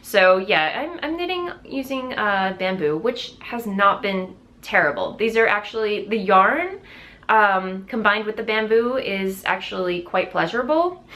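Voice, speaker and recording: A woman's voice: mid-range voice, expressive, measured pace, pushed and bright. A woman hosting a knitting video podcast, chatting casually to viewers in an enthusiastic, rambling way with lots of fillers and restarts.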